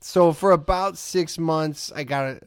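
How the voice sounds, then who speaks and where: A man's voice: fairly high pitch, measured pace, a little hiss or hum. A middle-aged man co-hosting a podcast, chatting casually and recalling his youth with easy chuckles. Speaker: podcast co-host. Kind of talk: casual chat.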